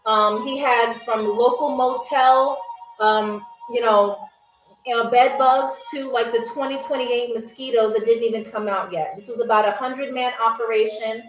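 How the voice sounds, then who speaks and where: A woman's voice: fairly high pitch, fairly even intonation, normal speed. A woman hosting a live-streamed game show, joking and reading viewer comments, often tagging lines with "okay?" and "all right". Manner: playful, jokey, reads viewer comments aloud. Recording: roomy echo, faint music.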